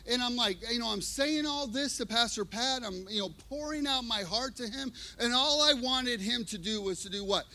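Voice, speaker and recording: A man preaching a sermon, telling a personal story with lively, expressive delivery. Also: extremely high pitch, normal speed, hardly any pauses. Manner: expressive storytelling, acting out scenes. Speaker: pastor.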